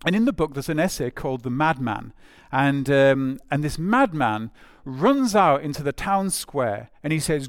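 A man's voice: fairly high pitch, expressive, normal speed, few pauses, no echo, clean studio sound. A man preaching a sermon in a conversational way, with frequent fillers and phrases repeated for emphasis.

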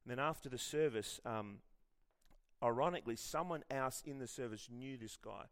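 A middle-aged Australian man preaching a sermon in a lively, conversational way, telling personal stories with self-deprecating humour. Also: medium pitch, normal speed. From Western Australia. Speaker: pastor.

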